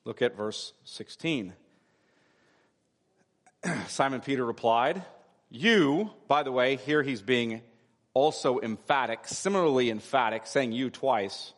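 A man's voice: mid-range voice, slow, long pauses. A man preaching a sermon, explaining scripture with emphatic repetition. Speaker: pastor. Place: church sanctuary. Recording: long hall reverb.

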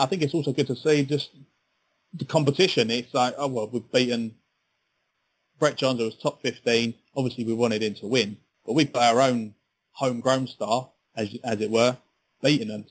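A man's voice: mid-range voice, poor audio. A man co-hosting a sports podcast in casual, chatty talk, often repeating his words. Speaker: podcast co-host.

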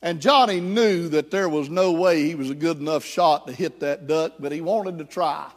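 A man's voice: on the high side, normal speed. A male pastor telling a story and then preaching and praying in a sermon. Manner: storytelling, then fervent and prayerful. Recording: echoey hall.

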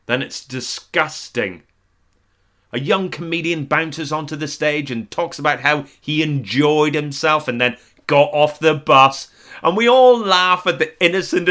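A man in his forties performing a self-deprecating comic monologue, deadpan with sudden exaggerated outbursts. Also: fairly high pitch. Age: 40s. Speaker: comedian.

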